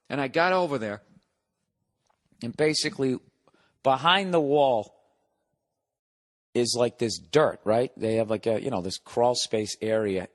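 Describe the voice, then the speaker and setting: A comedian hosting a podcast, telling a long profane story in a casual monologue, exasperated and sarcastic. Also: male voice, mid-range voice.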